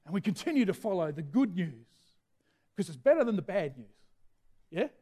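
A middle-aged man preaching a sermon with energy, shouting out key phrases. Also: high-pitched, sing-song, a little fast, breathy edge.

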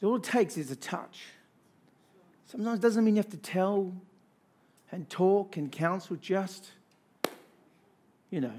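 A man delivering a sermon in a fairly high voice. He swings between hushed, intimate storytelling and loud, rousing calls to the congregation, with emphatic, repeated phrases. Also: measured pace, pauses often. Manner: emphatic, repetitive lists. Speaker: pastor.

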